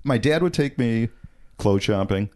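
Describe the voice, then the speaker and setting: A man's voice: mid-range voice, expressive, measured pace, a little mellow. A man co-hosting a casual chat, telling rambling stories with frequent chuckles. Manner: rambling storyteller, chuckles often. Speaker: podcast co-host.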